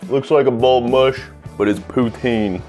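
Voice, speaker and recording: A man's voice: mid-range voice, fairly even intonation, moderate pace, darkish tone. A young American man hosting a casual cooking vlog, joking and swearing as he rambles over faint music. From United States. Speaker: cooking channel host.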